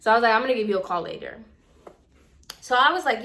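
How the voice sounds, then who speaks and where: A young woman vlogger recounting a story in casual conversation, animated and heated as she quotes the back-and-forth. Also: fairly high pitch, fairly quick.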